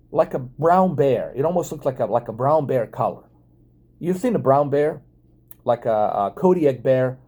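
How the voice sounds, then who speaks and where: Casual vlogger man, dark mellow tone, excitable and profane storytelling. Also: medium pitch. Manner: excitable, profane, many fillers and restarts.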